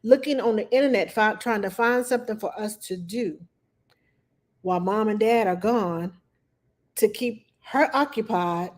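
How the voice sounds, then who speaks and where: A woman with a medium-pitch voice hosts a casual livestream as a nanny, speaking at a moderate pace. She tells stories with animation, acting out what she was thinking at the time.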